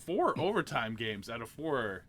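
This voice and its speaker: A man's voice: mid-range voice, big pitch swings, a little slow, fairly bright tone. A man from Canada co-hosting a casual podcast chat, joking and playful. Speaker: podcast co-host.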